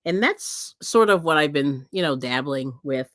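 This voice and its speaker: A woman's voice: low-pitched, lively intonation, measured pace, fairly bright tone, dry recording, clean studio sound. A woman hosting a livestream, chatting casually with viewers, rambling with many fillers and frequent laughs. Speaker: livestream host.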